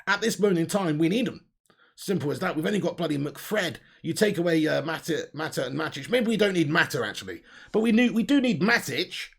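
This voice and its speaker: A young man hosting a live stream, reading viewer comments with excitable, laughing energy. His voice sits a little high and has a gravelly fry. He talks in a casual, conversational way. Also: fairly quick. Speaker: host of a fan channel livestream.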